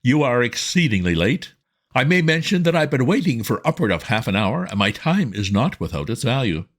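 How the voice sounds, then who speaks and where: A man's voice: medium pitch, big pitch swings, a little fast, voice pushed up. A man voicing a stiff, pompous magazine editor who speaks in a haughty, clipped way.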